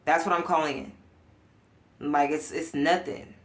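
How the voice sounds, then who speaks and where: A woman life coach in a casual vlog rant, talking bluntly and profanely, swinging between loud outbursts and low muttering. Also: fairly even intonation, measured pace. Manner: blunt, profane, emphatic ranting.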